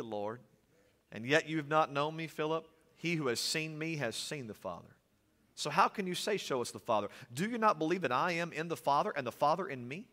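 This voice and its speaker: A male pastor preaching a sermon, animated, with humorous asides and swings from loud to soft. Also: a little high. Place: church sanctuary. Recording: long reverb of a church hall.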